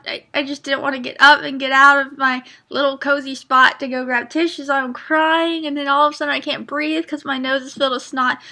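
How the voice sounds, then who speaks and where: A woman's voice: high-pitched, pushed and bright. A woman talking casually in a book review vlog, earnest and rambling with many fillers and restarts, openly emotional and close to tears.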